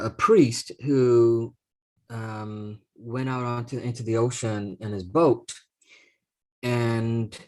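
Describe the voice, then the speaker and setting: A man co-hosting a talk show, telling a story in a casual, halting way, full of restarts, and acting out the people in it. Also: mid-range voice, darkish tone. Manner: halting, many restarts and fillers, acts out the voices in his story. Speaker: podcast co-host.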